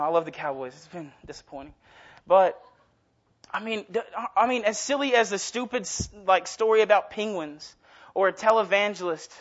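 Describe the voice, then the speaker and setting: A man's voice: sits high, a bit bright. A young man giving an informal sermon as a guest preacher, casual and self-deprecating, rambling and often restarting his sentences. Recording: dull lo-fi recording.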